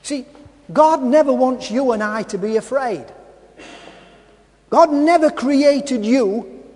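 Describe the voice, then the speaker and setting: A man with a very high voice preaches at an unhurried, deliberate pace. He keeps repeating his phrases and putting questions to the congregation. The sound rings with the long reverb of a large hall. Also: darkish tone. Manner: repetitive, asks the congregation rhetorical questions. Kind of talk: sermon.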